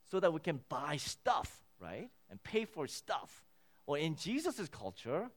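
A man preaching a sermon with a slightly high voice. His delivery is very lively, swinging up for emphasis and dropping low for quiet asides. He restarts and repeats words as he teaches. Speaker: pastor.

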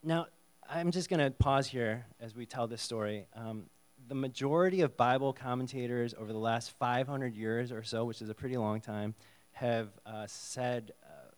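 A man preaching a conversational sermon, reading Bible verses and acting out the dialogue in a casual, lively way. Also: mid-range voice, normal speed, clear, resonant tone. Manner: conversational, animated, acts out the dialogue.

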